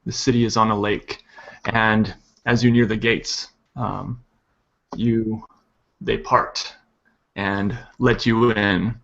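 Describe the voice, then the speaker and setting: A man narrating as game master of a tabletop game, halting with many pauses and fillers. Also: fairly low pitch, level tone, vocal fry, a bit bright, muffled recording.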